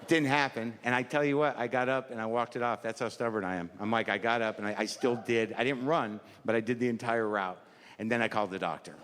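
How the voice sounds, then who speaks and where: Stand-up comic, man in his fifties, mid-pitched, self-deprecating patter, live in a reverberant venue with crowd sounds. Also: steady tone, quick pace, a bit bright. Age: 50s. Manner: rambling, self-deprecating, acts out inner voices. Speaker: stand-up comedian. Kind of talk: stand-up routine. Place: comedy stage before a live audience. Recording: live stage mic in a large hall, audience noise.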